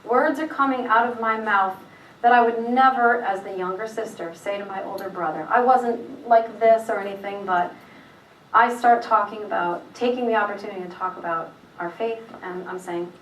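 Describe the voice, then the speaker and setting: A middle-aged woman telling a personal faith story in a rambling way, halting often with fillers and restarts. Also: medium pitch, a bit bright, slight background noise. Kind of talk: personal testimony, casual retelling. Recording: echoey room, voice from a distance.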